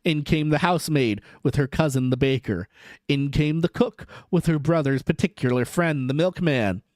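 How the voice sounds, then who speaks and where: A man's voice: a little high, moderate pace, a little mellow, no echo. A man streaming a live storybook reading, narrating expressively into a close microphone.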